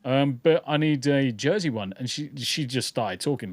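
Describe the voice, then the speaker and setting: A man's voice: medium pitch, moderate pace, no room sound. A man co-hosting a live-stream podcast, blunt and sweary, rambling with restarts. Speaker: podcast co-host. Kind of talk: casual live-stream chat.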